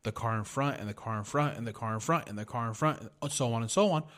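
A man's voice: mid-range voice, quick pace, a bit bright. A man hosting a podcast, telling a heated, profanity-filled story in a casual rant. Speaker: podcast host.

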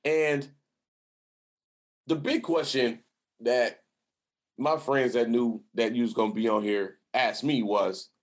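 A man hosting a casual interview, talking in an effusive, hyped-up way with shout-outs and lots of repetition. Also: mid-range voice, fairly even intonation, slow, pauses often. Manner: hype, effusive shout-outs, repeats himself. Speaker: host.

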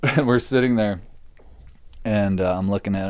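Low-voiced man telling rambling stories. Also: normal speed, pauses often, a little mellow, dry recording. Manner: rambling storyteller, heavy swearing; acts out others' lines in raised voice. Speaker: podcast host. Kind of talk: casual chat.

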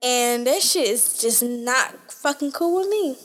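A woman's voice: high voice, a little slow, slight background noise. A woman co-hosting a casual podcast chat, retelling a story with acted-out quotes and plenty of swearing. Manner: animated storytelling, acting out quotes, profane. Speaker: podcast co-host.

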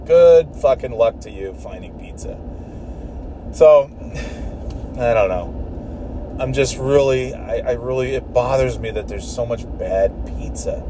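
A man's voice: mid-range voice, slow pace, long pauses, noisy background. A man ranting casually in a car, rambling, swearing and restarting his sentences. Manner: profane, rambling, exasperated, with frequent restarts.

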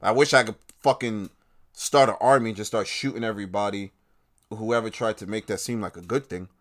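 A man's voice: on the low side, fairly quick. Profane, heated male podcaster. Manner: profane, heated, swings between shouting and muttering. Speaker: independent podcast host. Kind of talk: podcast rant.

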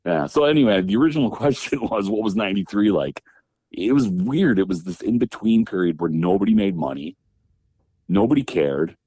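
A man from Wisconsin, a former pro wrestler, telling old road stories as an interview guest. His voice sits very low and mellow. He acts out the people he quotes and laughs often, recorded close and dry. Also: expressive, a little fast, husky, dry recording. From Wisconsin, USA. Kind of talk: casual storytelling interview.

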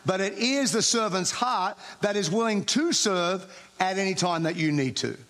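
A man's voice: sits high, moderate pace, a bit bright. A man preaching a sermon in an informal, conversational way. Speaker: pastor.

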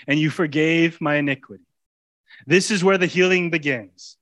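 A man's voice: a little high, normal speed. Impassioned man preaching a sermon. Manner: impassioned, swings from loud urging to hushed intimacy; colloquial preaching, casual grammar. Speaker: pastor.

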